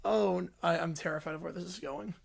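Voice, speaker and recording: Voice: medium pitch, fairly quick, gravelly. A streamer reading a fan story aloud, breaking off with incredulous, laughing reactions and putting on voices for the quotes.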